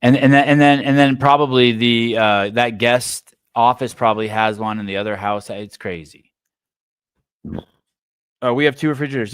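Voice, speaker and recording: A man's voice: mid-range voice, normal speed, smooth, no echo. Man, podcast host, casual profane riffing, dry close mic sound. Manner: profane, rambling riffs with stammered restarts. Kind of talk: casual livestream commentary.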